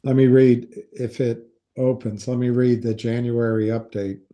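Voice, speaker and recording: A man's voice: mid-range voice, little pitch movement, unhurried, warm tone. A man giving casual, skeptical commentary on investing, thinking aloud and reading from a website.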